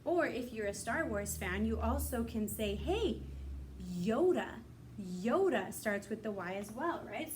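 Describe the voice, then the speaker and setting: Sing-song teacher woman, high voice. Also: recorded from a distance, a little hiss or hum. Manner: slow, sing-song teacher talk, drawing out sounds. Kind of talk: recorded kindergarten phonics lesson.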